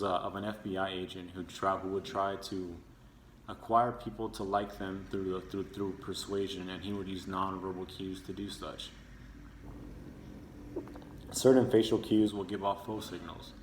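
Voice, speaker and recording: A man's voice: lowish voice, fairly bright tone, slight background noise. A young man giving a persuasive speech to his class, earnest and sometimes acting out tones of voice to make his points. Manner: earnest, demonstrating with his own tone. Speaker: student speaker. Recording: echoey room with faint ambience.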